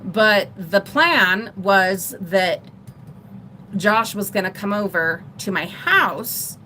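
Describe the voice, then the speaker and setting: A middle-aged woman vlogger telling a personal story in a rambling, animated way on a casual livestream. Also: mid-range voice, slow, a little hiss or hum. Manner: rambling, animated retelling with laughs.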